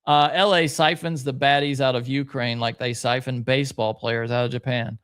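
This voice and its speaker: This podcast co-host has a smooth, slightly bright mid-range voice with little pitch movement and a moderate pace. As he reads viewer comments out loud, he sounds laid-back and keeps hesitating with plenty of uhs.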